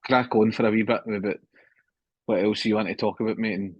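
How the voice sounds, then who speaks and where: Husky-voiced man in his thirties, candid. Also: on the low side, fairly even intonation, brisk, no echo, dull audio. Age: 30s. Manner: candid, swears often, keeps saying mate. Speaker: podcast guest. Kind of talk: casual conversation.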